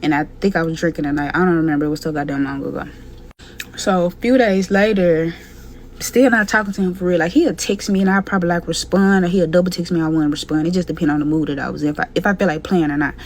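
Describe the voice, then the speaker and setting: Fast-talking blunt young woman. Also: lowish voice, fairly even intonation, a little mellow, a little hiss or hum. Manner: blunt, profane, candid. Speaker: storytime vlogger. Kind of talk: casual storytelling.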